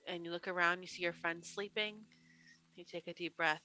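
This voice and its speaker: A woman narrating as game master of a tabletop role-playing game, telling the scene slowly and gently. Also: fairly low pitch, fairly even intonation, low-quality recording.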